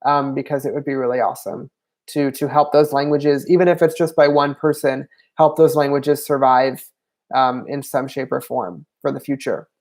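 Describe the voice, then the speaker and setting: A livestream host works through viewer questions in a loose Q&A, pausing often with ums while thinking aloud. The voice sits at a middle pitch. The delivery is unscripted and chatty. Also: steady tone, darkish tone. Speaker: language channel host.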